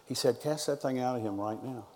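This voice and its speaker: A man's voice: medium pitch, a little fast, mellow, in a large hall. A middle-aged man, a pastor preaching a sermon and telling stories, quoting people's words back and forth. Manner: storytelling preacher, quoting others in conversation.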